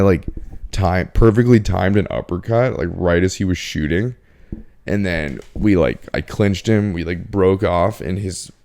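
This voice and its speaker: A man hosts a solo podcast, rambling easily through his thoughts and dropping "like" and "dude" everywhere. His voice sits low with a gravelly, fry-laced edge. The tone is dark and mellow rather than bright. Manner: rambling, laid-back, full of "like" and "dude". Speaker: podcast host. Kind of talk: casual solo podcast monologue.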